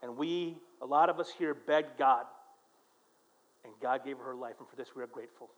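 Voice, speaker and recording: A middle-aged man preaching a sermon as pastor in church, telling stories with animated voices for the people he quotes, moving between quiet and loud. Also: medium pitch, normal speed.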